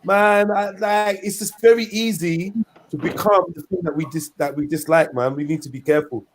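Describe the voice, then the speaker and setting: Animated man hosting a panel. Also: high-pitched, moderate pace, slight background noise. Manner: animated, slangy, talks over others. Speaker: host. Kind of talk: casual panel chat.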